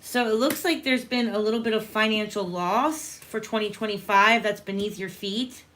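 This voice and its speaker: A woman's voice: medium pitch, moderate pace, a bit bright. A woman hosting a live tarot reading, chatting casually with viewers and calling them honey. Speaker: tarot reader and livestream host.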